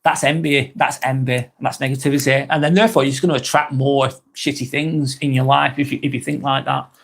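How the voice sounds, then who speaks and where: A man's voice: mid-range voice, level tone, brisk, creaky, fairly bright tone. A British man hosting a live vlog, chatting casually and reading out viewer comments, rambling onto tangents and swearing freely. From Britain.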